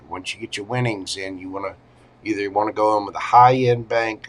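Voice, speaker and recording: Man, tarot livestream host, chatty and animated, uses pet names, voice swings between high and low. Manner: animated, swings up and down in pitch and loudness. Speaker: tarot reader hosting a livestream. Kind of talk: casual livestream tarot reading.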